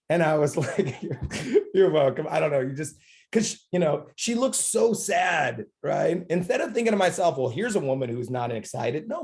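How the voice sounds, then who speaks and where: Energetic man telling sales stories. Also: on the high side. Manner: energetic storytelling, acts out dialogue, repeats phrases for emphasis. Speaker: network marketing trainer. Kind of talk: live motivational training talk.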